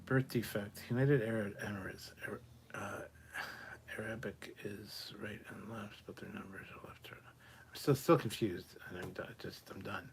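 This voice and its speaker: Guy reading out chat on a live stream, kinda low voice, cusses a lot, mumbles asides. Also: steady tone, moderate pace, vocal fry, a little hiss or hum. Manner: blunt, sweary, muttering asides under his breath.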